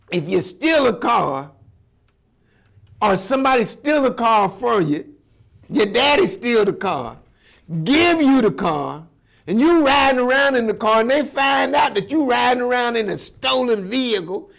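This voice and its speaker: A man hosting a commentary show, talking in an animated, preachy and emphatic way. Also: very high voice, vocal fry.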